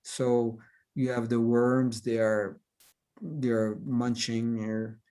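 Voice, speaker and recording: This man speaks slowly in a dark, level voice of medium pitch. He's a cartoonist whose native tongue is French, with a Québécois accent, talking casually over video and stumbling through fillers and false starts.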